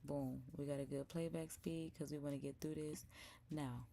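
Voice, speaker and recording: Low-voiced woman chatting to her stream viewers. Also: steady tone, normal speed, vocal fry, a little hiss or hum. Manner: chatty, talks to viewers as y'all, drifts into soft whispers. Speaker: live-stream react host. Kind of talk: casual live-stream chat. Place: indoors at home.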